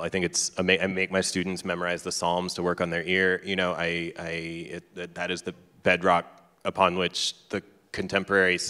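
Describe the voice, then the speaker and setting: Man, lowish bright voice, chatty stage storytelling, lots of fillers, echoing hall. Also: smooth. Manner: chatty, heavy on fillers and restarts, laughs often. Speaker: guest author at a live event; teacher. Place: large hall with an audience. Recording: reverberant hall sound.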